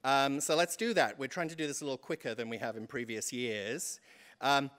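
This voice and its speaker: English man, 50s, church vestry member, self-deprecating humor, middle pitch. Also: steady tone, a little fast, a bit bright. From England. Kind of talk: humorous stewardship talk to a congregation.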